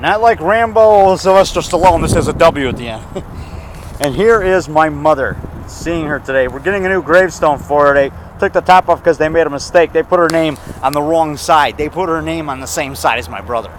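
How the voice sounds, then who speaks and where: Briskly and in a voice on the high side, a Chicago-area vlogger in his fifties delivers a meandering outdoor cemetery monologue. It comes in fragments, with fillers, restarts, and self-corrections throughout. His handheld camera mic produces a rough recording with a little hiss or hum.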